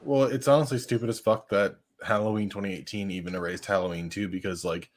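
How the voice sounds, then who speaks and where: A man hosting a casual watch party chat, talking loosely and swearing freely. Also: lowish voice. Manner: casual, swears, talks fast when excited. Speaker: host.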